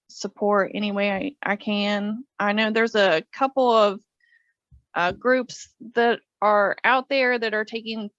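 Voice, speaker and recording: A woman's voice: medium pitch, a bit bright, dry recording, highs cut off. A woman co-hosting a casual podcast chat, talking with lots of fillers and laughing often. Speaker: podcast co-host.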